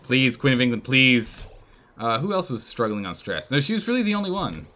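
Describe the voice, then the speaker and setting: A man giving live commentary on a colony game, animated and exclaiming, pleading with his characters. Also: mid-range voice, fairly quick. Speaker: streamer playing a colony game.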